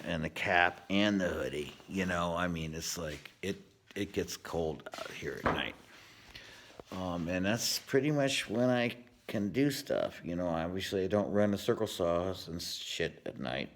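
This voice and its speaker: Deep-voiced man ranting in his garage. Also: fairly bright tone. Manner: profane, rambling, laid-back storytelling. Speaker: vlogger giving a home project update. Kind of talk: casual rant to camera. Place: unfinished home garage.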